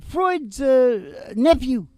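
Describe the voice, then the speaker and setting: A man's voice: very high-pitched, very animated, extremely slow, warm tone, no room sound. A male podcast host talking in a wry, joking, conspiratorial way. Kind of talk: casual rambling chat. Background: acoustic guitar.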